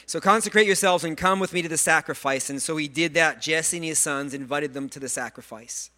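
Speaking fairly quickly, a male pastor delivers his sermon in a high voice that rings brightly. He's animated and earnest, tripping over repeated words now and then, with self-deprecating humor sprinkled throughout.

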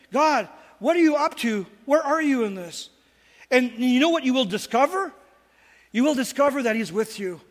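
A man's voice: very high-pitched, a bit bright, long reverb tail. A man preaching a sermon as pastor, emphatic and full of rhetorical questions.

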